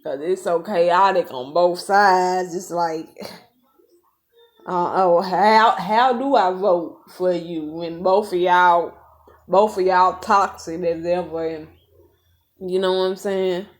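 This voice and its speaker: Low-voiced woman musing aloud. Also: slow. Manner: musing, thinking aloud, relaxed. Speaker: reaction video host. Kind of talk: casual reaction commentary.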